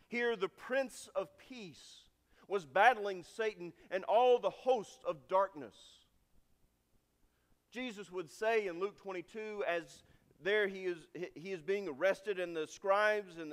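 A man preaching a sermon with dramatic swings from loud, emphatic lines to hushed endings. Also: high voice. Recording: long reverb of a large hall.

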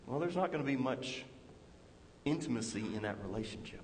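A man's voice: quick pace, long reverb tail, a little hiss or hum, rough recording. A man preaching a sermon in an earnest way, rising and falling as he makes his points. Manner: earnest, rises and drops in pitch and volume.

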